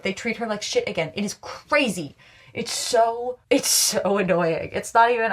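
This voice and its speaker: Exasperated woman ranting about a show. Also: fairly low pitch. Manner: exasperated, ranting, swearing, quick asides. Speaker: video essayist. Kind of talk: casual commentary recap.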